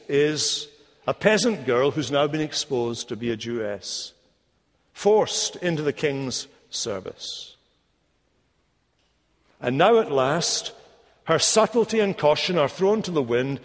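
A man preaching a sermon, emphatic and deliberate, with rhetorical questions. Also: a little high. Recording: long echo of a large hall.

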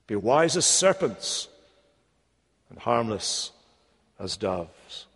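A man preaching a sermon, emphatic and deliberate, with rhetorical questions. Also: mid-range voice, big pitch swings, fairly bright tone. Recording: long echo of a large hall.

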